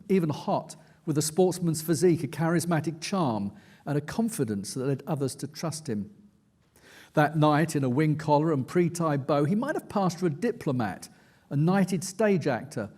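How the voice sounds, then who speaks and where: A man reads aloud from his own book to a conference audience. His voice sits a touch higher than most men's, and his delivery is measured and dry, like a storyteller setting a scene. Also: a little mellow. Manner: measured, dry storytelling read with quoted asides. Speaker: investigative journalist, author. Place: conference stage.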